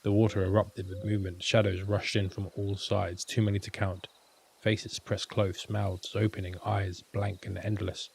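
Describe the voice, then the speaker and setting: A man narrating a scripted horror story in a measured, grave, unhurried way. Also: lowish voice, level tone, vocal fry, darkish tone, breathy edge.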